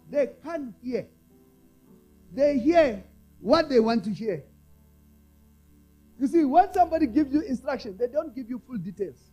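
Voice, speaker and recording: Over faint music and through poor audio, a man from South Africa, an apostle, delivers a call-and-response sermon. His high, animated voice is mellow, ranging widely in pitch; he has listeners echo his lines and shifts between soft, low asides and loud calls to the congregation.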